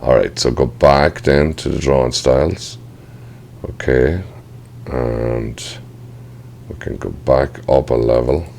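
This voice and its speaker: Very deep, gravelly man teaching software. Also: steady tone, takes it slowly, pauses often, a little hiss or hum. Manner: casual, thinks aloud, apologizes for slips. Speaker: software tutor. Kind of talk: screen-recorded software tutorial.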